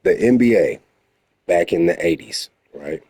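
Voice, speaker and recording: A very deep man with a dark, husky voice talks bluntly into the camera, lecturing with emphasis. The sound is close and dry, with faint music underneath. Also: lively intonation, measured pace, dry recording. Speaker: reaction commentator. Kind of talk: casual reaction commentary.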